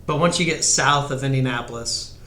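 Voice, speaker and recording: Easygoing male co-host, bright voice, echoey studio sound. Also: mid-range voice, fairly quick, slight background noise. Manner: easygoing, laughs often. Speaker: podcast co-host. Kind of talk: casual chat.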